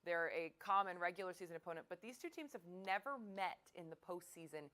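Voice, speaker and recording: A woman sports reporter talks on a live news broadcast in a relaxed, chatty way. Her voice sits fairly low, and she sounds keen and playful. She drops in lighthearted asides as she goes. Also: fast talker. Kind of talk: casual live news chat.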